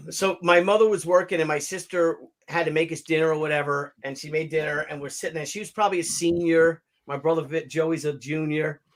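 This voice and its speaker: A man's voice: fairly high pitch, brisk, hardly any pauses. A middle-aged man in casual chat, telling family stories with lots of laughter. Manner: animated, laughing storyteller.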